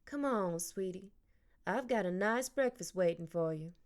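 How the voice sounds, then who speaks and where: A woman's voice: medium pitch, expressive, a little slow, close to an everyday voice. A woman reading an audiobook, voicing a caring, motherly woman who fusses over a child and scolds her father. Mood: tender. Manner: warm, scolding. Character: motherly middle-aged woman, caring, fussy.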